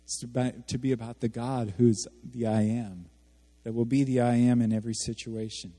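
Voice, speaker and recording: A man preaching a sermon as a pastor, animated, asking his congregation questions and acting out the quotes he reads. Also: mid-range voice, moderate pace. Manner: animated, asks the audience questions, acts out quotes. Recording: hall reverb.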